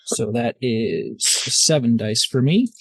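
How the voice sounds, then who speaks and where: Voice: medium pitch, slow, slightly rough, no room sound. A tabletop player talking casually and hesitantly, with fillers. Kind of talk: casual tabletop game chat.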